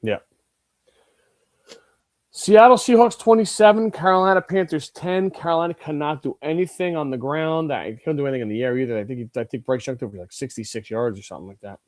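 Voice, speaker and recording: A man's voice: on the high side, fairly quick, no room sound. A man co-hosting a sports podcast, chatting casually in a laid-back way and reading out game scores. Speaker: podcast co-host. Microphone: podcast studio mic.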